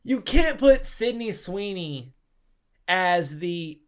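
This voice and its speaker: A young man co-hosting a podcast in casual, animated banter, mocking and swearing freely. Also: high voice, slow pace, clean tone. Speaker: podcast co-host.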